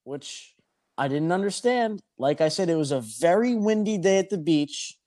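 Profane storytelling man, slightly high voice. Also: expressive, normal speed, dark tone. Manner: profane, rambling anecdotal delivery. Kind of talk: casual storytelling.

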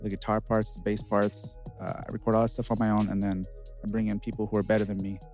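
A man's voice: on the low side, little pitch movement, fast talker, darkish tone, faint music behind. A man who is a musician and bandleader, talking in an easygoing, casual way and often saying "man" and "like". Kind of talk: casual podcast chat.

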